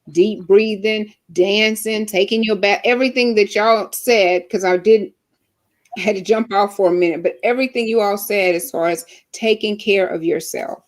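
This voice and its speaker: An earnest woman hosts a casual group conversation over a video call. Her pitch sits mid-range, and she speaks openly and encouragingly about her own life. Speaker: host.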